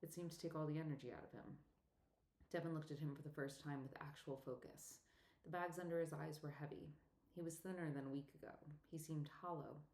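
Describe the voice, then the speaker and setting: Low-voiced woman reading an audiobook. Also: darkish tone. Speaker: audiobook narrator. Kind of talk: scripted audiobook narration. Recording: echoey room.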